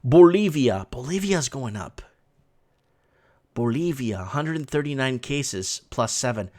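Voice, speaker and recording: Hosting a casual online show, a man offers loose commentary over live foreign news clips, translating them as he goes. He has a mid-range voice with lively intonation and a darkish tone, speaking a little slowly.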